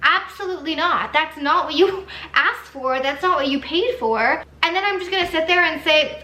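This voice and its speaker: A woman's voice: high voice, a little fast, reverberant, a little hiss or hum. A young woman telling a storytime vlog in a casual, exasperated way, full of "like"s. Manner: animated and exasperated, many "like"s. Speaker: vlogger.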